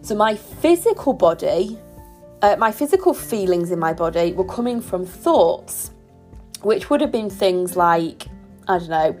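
A woman hosting a solo parenting podcast, talking in a gentle, reflective and reassuring way. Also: lowish voice, unhurried, faint music behind. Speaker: podcast host.

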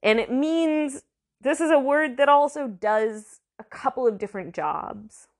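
Slow-talking woman teaching a language. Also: high voice, expressive. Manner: chatty, sounds out words slowly and repeats them. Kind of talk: casual language lesson.

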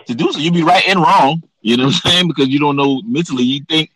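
A man's voice: a little high, quick pace, pushed and bright, slight background noise, poor audio. A man co-hosting a podcast in a laid-back, profane casual chat, often asking "you know what I mean". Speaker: podcast co-host.

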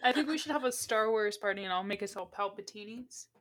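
A woman co-hosting a podcast, throwing in quick joking remarks in casual chat. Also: medium pitch, a crowd in the background. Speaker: podcast co-host.

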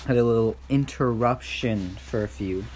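A woman's voice: rumbling low, normal speed, a little mellow, a little hiss or hum. A young woman co-hosting a podcast in casual, joking chat, sarcastic and playful. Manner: jokey, sarcastic. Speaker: podcast co-host.

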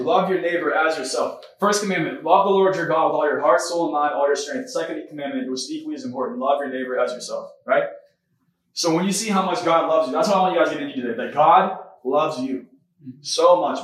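Male podcast preacher, fervent, rapid delivery, slightly high voice; very echoey room, mic far off. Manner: fervent, fillers like "man", "right?", "come on". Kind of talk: casual spoken sermon.

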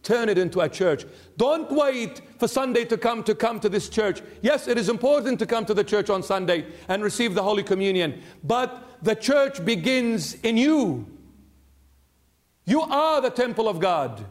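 Man with a high voice, preaching, pleading, earnest, slows for emphasis. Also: expressive. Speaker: bishop preaching. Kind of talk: sermon. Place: church.

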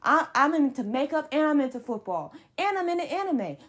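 A woman's voice: high voice, big pitch swings, brisk. A young adult woman hosting a solo sports podcast, ranting in a heated, emphatic way with blunt slang. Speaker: podcast host.

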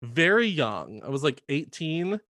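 A man with a fairly high, lively voice tells stories in a loose, chatty way, laughing easily and leaning on "like". The sound is dry and close. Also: a little slow, no room sound. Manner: animated, laughs often, fillers of "like". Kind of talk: casual storytelling chat.

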